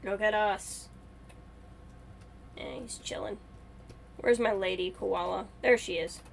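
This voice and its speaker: A woman's voice: mid-range voice, fairly even intonation, slow, gravelly, a little hiss or hum. A woman streamer chatting casually and thinking aloud as she plays a game on a live stream.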